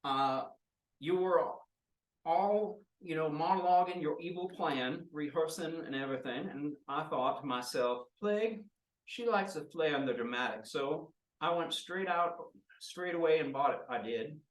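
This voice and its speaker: A man's voice: a little high, unhurried, pitched above the performer's own voice, lightly acted. A man voicing a timid, eager male henchman who hesitates and fills his speech with uhs, heard in a roomy space from a distant mic. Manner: hesitant, stammering with fillers.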